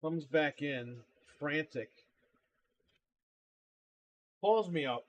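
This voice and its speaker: A man's voice: mid-range voice, normal speed. A man in an ordinary middle register tells stories from his repair counter in a blunt, exasperated, profane way. The stream audio is a little dull and lo-fi. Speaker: livestream host and console repair seller. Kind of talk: casual livestream storytelling.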